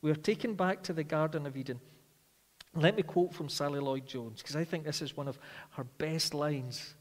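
Man preaching in a reverberant hall. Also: fairly high pitch. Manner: earnest, swings from emphatic to hushed and slow. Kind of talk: sermon. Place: church. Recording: long reverb of a large hall.

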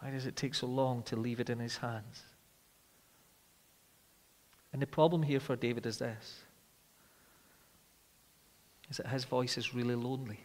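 Preacher in a reverberant hall. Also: male voice, medium pitch, fairly even intonation, normal speed, pauses often. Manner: dramatic, swings from loud rhetorical questions to quiet intensity. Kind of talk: sermon.

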